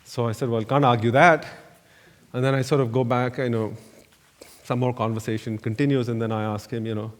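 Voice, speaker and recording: Rambling architect in an echoey hall. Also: male voice, medium pitch, little pitch movement, quick pace, a little mellow. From India. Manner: anecdotal, rambling, many "you know" fillers. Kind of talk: lecture with slides. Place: lecture hall. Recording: echoey lecture hall reverb.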